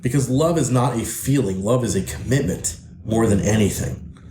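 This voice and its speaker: A man's voice: mid-range voice, normal speed, mellow. Blunt, swearing male coach on a podcast, echoey room with faint hiss. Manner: blunt, profane, emphatic, preachy. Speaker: podcast host and men's coach. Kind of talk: podcast monologue.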